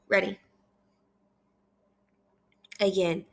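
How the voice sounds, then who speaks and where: A woman teaching kindergarten, reading aloud slowly and clearly in a repeat-after-me lesson from her kitchen at home. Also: mid-range voice. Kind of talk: slow read-aloud lesson for young children.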